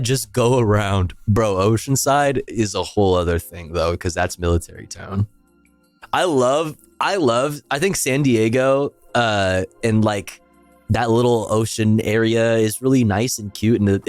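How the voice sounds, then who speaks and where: Slow, laid-back male streamer. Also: on the low side, dry recording. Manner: laid-back, swearing, trailing off, humming to himself. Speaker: livestream host. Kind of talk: casual stream chat, reading chat.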